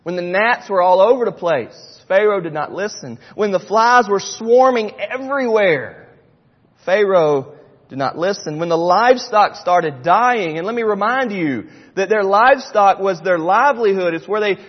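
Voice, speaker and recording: A middle-aged pastor preaches emphatically and repetitively in a church sanctuary, acting out the people he quotes. His high-pitched voice moves at a normal speed with lively intonation, and the recording sounds dull with a long hall reverb.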